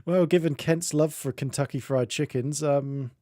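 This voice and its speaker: A man's voice: fairly high pitch, steady tone, normal speed, mellow, dry recording, studio quality. A man from Northamptonshire with an English accent, streaming and chatting casually with a rambling, self-interrupting manner. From Northamptonshire, England. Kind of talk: casual chat.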